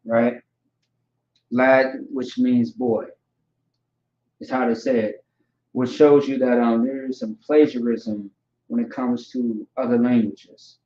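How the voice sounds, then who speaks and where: A man's voice: medium pitch, little pitch movement, takes it slowly, pauses often, dark tone. Guy teaching words over and over, lots of "all right" and "okay", echoey room, muffled lo-fi audio. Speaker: language teacher. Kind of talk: informal vocabulary lesson. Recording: echoey room, dull lo-fi sound.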